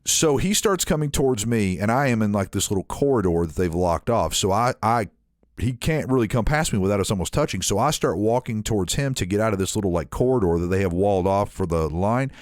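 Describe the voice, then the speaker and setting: A man on a podcast telling a story in casual chat, animated and acting out the people in it. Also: on the low side, fairly quick, dry recording, clean studio sound. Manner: animated, acts out quoted people in shifting voices. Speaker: podcast co-host.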